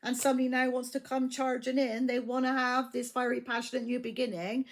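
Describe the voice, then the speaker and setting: A woman with a high voice and level tone gives a casual tarot reading at a slightly quick pace. She's blunt, swears freely, and keeps repeating her phrases.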